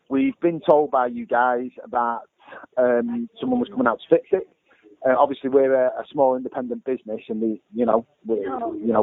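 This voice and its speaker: A man's voice: medium pitch, no echo. A man, a small gym owner, complaining bluntly about a phone fault and swearing between calls. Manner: exasperated, heavy swearing, blunt. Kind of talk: phone complaint and ranting asides. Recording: lo-fi phone-like sound with faint music.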